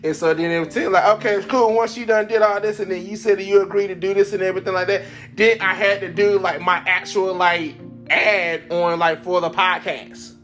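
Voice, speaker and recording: A man hosting his own podcast, telling a casual story in an animated way, laughing often and acting out the voices of people he quotes. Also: high-pitched, a little fast, faint music behind. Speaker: podcast host.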